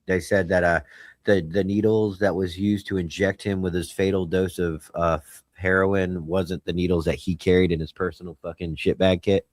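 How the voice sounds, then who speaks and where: A man's voice: low voice, little pitch movement, normal speed, dry recording. A man in casual podcast chat, rambling and argumentative, swearing often. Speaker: podcast host.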